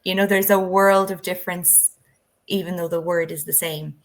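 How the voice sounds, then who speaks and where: A woman's voice: on the low side, steady tone, moderate pace. A woman working as a drama education trainer, instructive in tone and walking through each step with examples. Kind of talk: explanatory conversation.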